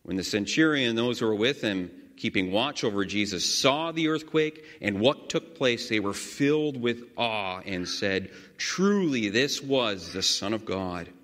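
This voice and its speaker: A man leading a guided scripture meditation, reading slowly and earnestly with sudden swells of emphasis. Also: on the low side, animated, a bit bright. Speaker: prayer leader. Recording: long hall reverb.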